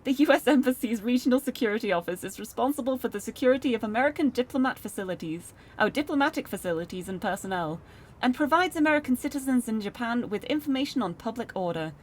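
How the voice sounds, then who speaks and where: A woman's voice: a little high, fast. Young woman streamer reading a game aloud. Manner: animated, self-deprecating, giggly asides. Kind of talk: reading a visual novel aloud with commentary. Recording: game music playing behind.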